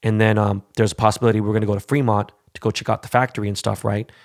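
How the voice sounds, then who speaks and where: A man hosting a podcast, ranting in a casual, heated and profane way with quick asides. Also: lowish voice, little pitch movement, creaky, a little mellow, no room sound, clean studio sound. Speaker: podcast host.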